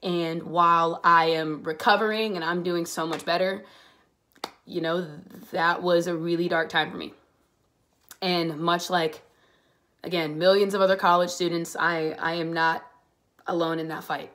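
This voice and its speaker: A woman in her twenties from the Pittsburgh area, speaking earnestly in a personal vlog, halting at first and growing more emphatic. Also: lowish voice, fairly even intonation, a bit bright, a little hiss or hum. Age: 20s. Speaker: vlogger.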